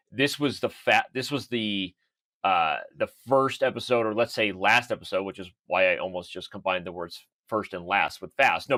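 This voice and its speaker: A man's voice: fairly low pitch, a bit bright, no room sound. A man co-hosting a casual chess podcast, laid-back and chatty, laughing easily. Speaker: podcast co-host, chess commentator.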